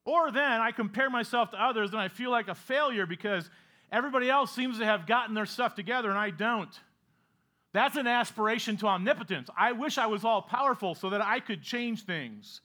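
A man's voice: high-pitched, fairly quick, sharp tone. A man preaching a sermon as pastor, earnest, often asking rhetorical questions and acting out quoted speech with sarcastic emphasis.

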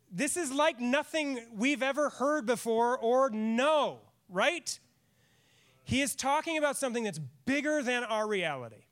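A man's voice: extremely high pitch, fairly bright tone. A middle-aged man preaching a sermon in church as pastor, earnest and emphatic, repeating lines for stress. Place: church sanctuary.

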